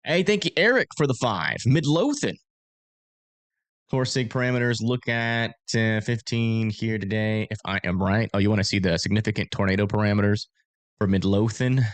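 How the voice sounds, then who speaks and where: A man's voice: on the low side, no room sound. A man hosting a casual livestream, chatting with viewers and talking through storm forecasts in a rambling, filler-heavy way.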